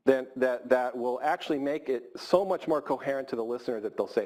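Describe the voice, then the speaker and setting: A man's voice: mid-range voice, animated, fast talker, hardly any pauses, darkish tone. Man giving a casual lecture. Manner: informal, repeats words for emphasis. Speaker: surgeon giving a grand rounds talk. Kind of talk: conversational lecture. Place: lecture hall.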